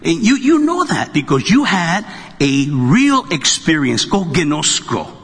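Husky high-voiced man preaching in reverb. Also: sing-song, unhurried, a bit bright. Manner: joking, conversational preaching. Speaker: pastor. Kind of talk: sermon. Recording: long reverb of a large hall.

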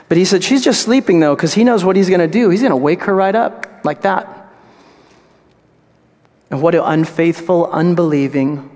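A man preaching a sermon in a slightly high voice, dropping to a hush and then rising into loud, animated storytelling. His voice rings with the long reverb of a large hall. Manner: dramatic, shifts between hushed and loud animated storytelling. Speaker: pastor.

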